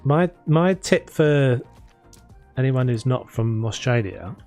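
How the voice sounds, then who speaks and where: A man's voice: medium pitch, lively intonation, slow pace, darkish tone, no room sound. A man chatting casually while he plays a building game, rambling with many restarts. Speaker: gaming streamer. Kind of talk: casual chat while playing. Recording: faint music behind.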